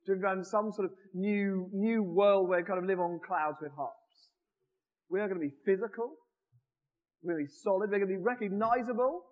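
High-voiced man preaching in a reverberant church. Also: brisk, dull audio. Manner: animated, jokes with the congregation. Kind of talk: conversational sermon.

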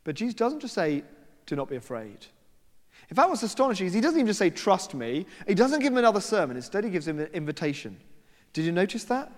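Preacher in a reverberant hall. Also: male voice, high voice, sing-song, fast talker. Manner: conversational storytelling with quoted voices and asides. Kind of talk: sermon. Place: church.

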